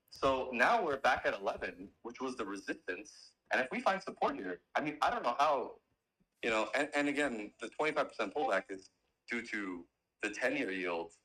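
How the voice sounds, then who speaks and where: Male guest trader, bright tense voice, rambling casual explainer. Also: mid-range voice, poor audio. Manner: rambling, many fillers and restarts. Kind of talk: casual trading talk on a call.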